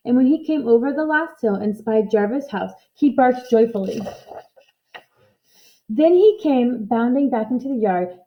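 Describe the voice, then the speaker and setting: A woman reading a children's book aloud in a lively, expressive storytelling manner. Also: fairly high pitch, a little slow, highs cut off.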